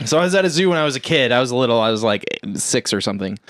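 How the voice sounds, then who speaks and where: A man's voice: mid-range voice, lively intonation, very fast, noisy background. A man hosting a casual podcast, telling a rambling story and laughing at his own jokes. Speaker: podcast host. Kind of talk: casual chat.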